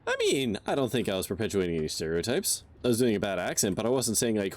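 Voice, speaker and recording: A man's voice: lowish voice, wildly swooping pitch, quick pace, few pauses. A young man chatting casually while playing a game, counting aloud under his breath and swearing now and then. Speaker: game streamer.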